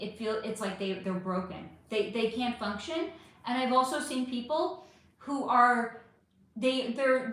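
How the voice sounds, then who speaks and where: Lively high-voiced woman in an echoey room. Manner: animated, emphatic, talks straight to viewers. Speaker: livestream host reading viewer questions. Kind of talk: casual livestream Q&A.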